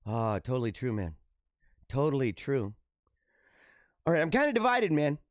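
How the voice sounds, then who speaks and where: Male podcast host riffing on odd news in a lively, slangy way, fairly high voice, dry and close to the mic. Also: moderate pace, no room sound. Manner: animated, slangy, laughs often. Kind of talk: casual news commentary.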